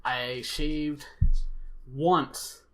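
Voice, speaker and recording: A man's voice: a little high, steady tone, drawn-out words, bright, forceful tone. A young man from the Southern United States, co-hosting a casual chat in a hesitant way full of fillers. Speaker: co-host.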